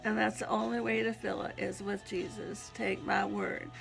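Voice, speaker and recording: A woman's voice: medium pitch, level tone, normal speed, creaky, over music. A woman in her sixties with a Southern accent, giving an earnest religious testimony on her video channel and often breaking into giggles. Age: 60s. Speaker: YouTube Christian vlogger.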